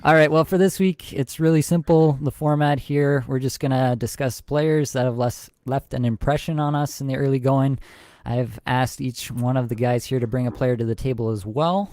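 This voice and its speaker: A man hosting a fantasy hockey podcast, talking through player stats in a steady, self-described monotone with frequent ums. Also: mid-range voice, moderate pace, dry recording, clean studio sound. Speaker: podcast host. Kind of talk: casual podcast chat.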